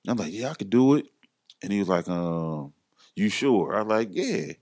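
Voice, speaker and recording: A middle-aged man telling his story casually as a podcast guest, acting out other people's lines in a raised voice. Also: moderate pace. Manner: animated, acts out others' lines in a higher voice.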